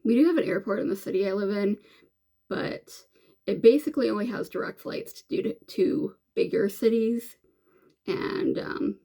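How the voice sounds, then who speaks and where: Woman vlogger, casual makeup chat, gravelly fry, rambling delivery. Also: mid-range voice, lively intonation, normal speed, mellow. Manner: rambling, chatty, many fillers and restarts. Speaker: beauty vlogger.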